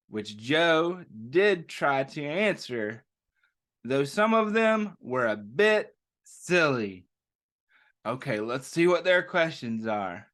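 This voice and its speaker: A man hosting a children's story time, reading a picture book aloud and asking the kids gentle questions as he goes. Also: a little high.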